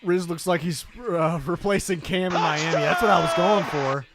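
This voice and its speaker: Guy co-hosting a draft stream, kinda high voice, casual and jokey. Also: moderate pace, background noise. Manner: chatty, joking, reads out donations. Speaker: co-host of a draft watch stream. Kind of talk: casual live reaction chat.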